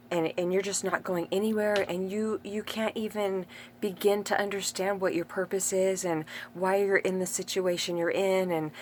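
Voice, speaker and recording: A woman's voice: mid-range voice, slight background noise. Meandering woman sharing spiritual thoughts. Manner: meandering, self-interrupting, emotional. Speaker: spiritual teacher. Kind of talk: casual spiritual monologue.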